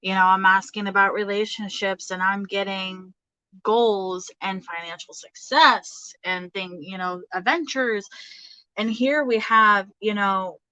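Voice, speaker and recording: A woman's voice: medium pitch, steady tone, a little slow, sharp tone, clean tone, no echo, rough recording. A woman giving a casual tarot reading, chatty, with many fillers and frequent laughter. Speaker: tarot reader.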